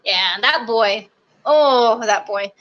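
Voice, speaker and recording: A young woman telling stories from army basic training in a casual interview, lively and quick, acting out the quotes. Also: on the high side, lo-fi sound. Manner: animated, quick storytelling with acted-out quotes.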